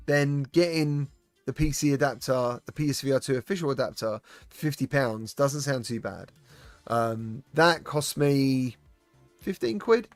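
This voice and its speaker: A man's voice: mid-range voice, dry recording. A British man live-streaming about VR gaming, chatting casually and greeting viewers by name, with lots of fillers and restarts.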